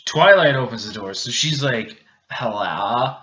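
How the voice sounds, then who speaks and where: A drunk man hosting a video, retelling a movie plot in a halting, rambling way with many restarts. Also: medium pitch, bright, forceful tone, muffled recording. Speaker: video host.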